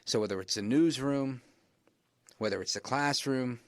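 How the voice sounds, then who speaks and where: A man hosting a talk radio show, delivering an emphatic monologue that keeps rising in pitch to stress his points. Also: moderate pace, no echo.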